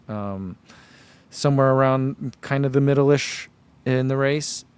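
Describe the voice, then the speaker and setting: A man's voice: medium pitch, clear, resonant tone. Chatty male running-shoe vlogger. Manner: rambling, chatty, reads viewer comments aloud. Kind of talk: casual vlog chat.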